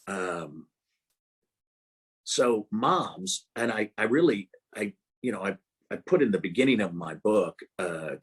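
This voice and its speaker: A man's voice: sits low, breathy edge. An older man being interviewed as a guest author on a video call, talking in a rambling way with many restarts and fillers. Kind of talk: casual interview about prayer.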